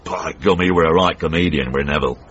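An actor playing a cantankerous older northern man in a radio comedy drama, blunt and gruff with a Northern English accent. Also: rumbling low, fast talker, a bit bright, slight background noise. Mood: grumbling. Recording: dull old radio broadcast.

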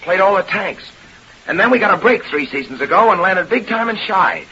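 A brash, blustering vaudeville hoofer with slangy, ungrammatical talk. His voice is bright and fairly high, and it swings widely. It sounds dull and thin, like an old radio transcription with a faint hiss. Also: lively intonation, brisk, slightly rough, full character voice. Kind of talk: 1930s radio acting.

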